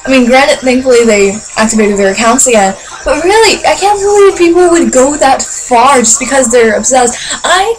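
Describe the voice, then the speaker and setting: Teen girl vlogger, high voice, angry swearing rant, faint music behind. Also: very animated, normal speed, hardly any pauses, poor audio. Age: teens. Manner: heated, swearing, rhetorical questions. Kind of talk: casual vlog rant.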